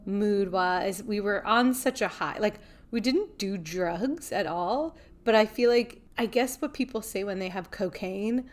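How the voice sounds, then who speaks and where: Chatty woman podcast co-host. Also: mid-range voice. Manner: chatty, playful, quick to agree. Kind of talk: casual chat.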